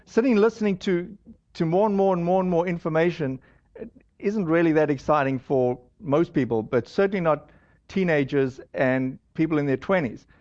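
A middle-aged man preaches with a noticeably high voice. He speaks in a conversational way with restarts, on slightly muffled audio. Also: moderate pace, a little mellow. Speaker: pastor. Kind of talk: sermon.

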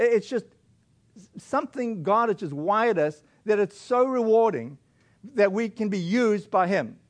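Man, pastor, sermon, high-pitched, conversational, filler-heavy delivery. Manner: conversational, lots of fillers and restarts. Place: church.

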